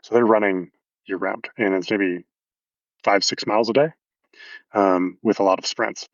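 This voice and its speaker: A man's voice: fairly low pitch, fairly even intonation, moderate pace, no echo, highs cut off. A man coaching athletes, explaining movement casually in a podcast interview with anatomical detail and frequent fillers.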